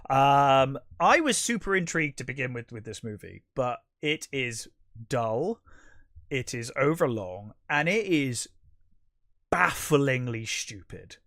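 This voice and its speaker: A man of ordinary pitch co-hosts a podcast and reviews a film in casual talk. He rambles and restarts his sentences, then grows bluntly exasperated. His voice is recorded close and dry. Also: big pitch swings, takes it slowly, fairly bright tone, dry recording. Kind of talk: casual movie review chat.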